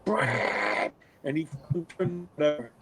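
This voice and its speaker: A middle-aged man, a podcast guest, telling stories in a casual, animated way, cursing freely and acting out what people said. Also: on the high side, measured pace, husky, low-quality recording. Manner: animated, swears a lot, acts out quotes. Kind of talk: casual storytelling.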